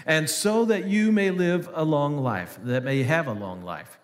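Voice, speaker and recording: A man's voice: a little high, lively intonation, unhurried, in a large hall. A male pastor giving an earnest sermon, reading scripture aloud between hesitant, restarting remarks.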